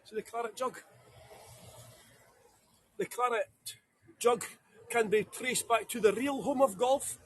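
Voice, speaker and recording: A man's voice: extremely high pitch, slow, long pauses, a little hiss or hum. A Scottish man guiding a live-streamed walking tour outdoors, chatty and jokey, greeting viewers by name. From Scotland. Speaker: tour guide. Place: outdoors on town streets.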